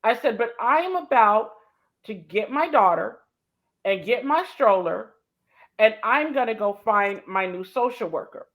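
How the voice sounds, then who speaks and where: Animated storytelling woman, slightly high. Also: a little slow. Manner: emphatic, repeats key points, acts out quoted dialogue. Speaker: co-host sharing a personal story. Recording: dull lo-fi sound.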